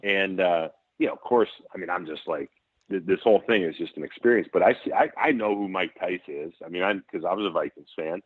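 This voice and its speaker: A lower-pitched man from Saint Paul tells a long, lively football anecdote, full of restarts and quick laughs. His voice comes through a thin, phone-like line with a dry, close sound. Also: breathy edge, no echo. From Saint Paul, Minnesota. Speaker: former NFL center, guest. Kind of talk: casual storytelling.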